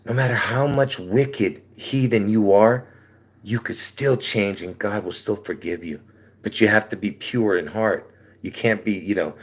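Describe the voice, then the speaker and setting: Hoarse from a sore throat, a lowish-voiced man rambles through an informal sermon for his livestream channel. He chuckles between lines and repeatedly checks in with "all right?"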